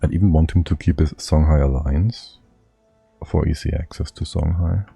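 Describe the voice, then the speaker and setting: Very deep, gravelly-voiced male game streamer. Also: steady tone, normal speed, dark tone, soft background music. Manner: thinking aloud, muttering and chuckling to himself. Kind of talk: live strategy game commentary.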